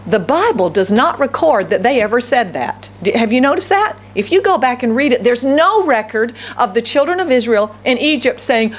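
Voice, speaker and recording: A woman's voice: on the high side, lively intonation, normal speed, few pauses. A woman pastor delivering a sermon in a conversational way, checking in with the congregation through frequent tag questions and acting out quoted complaints. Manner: acts out quoted complaints in a raised voice.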